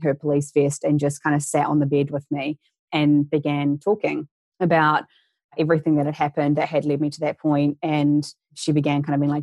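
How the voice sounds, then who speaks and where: Casting: young woman, low pitched, candid storyteller, dry close sound. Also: monotone, brisk, darkish tone, no room sound. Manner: candid, earnest, re-enacts quoted voices. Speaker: interview guest. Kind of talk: personal storytelling in an interview.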